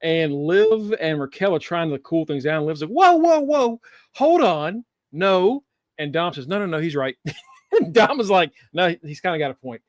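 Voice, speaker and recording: Relaxed man recapping wrestling, dry sound. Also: a little high, brisk, no echo. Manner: relaxed, recaps the show, laughs often. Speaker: podcast co-host.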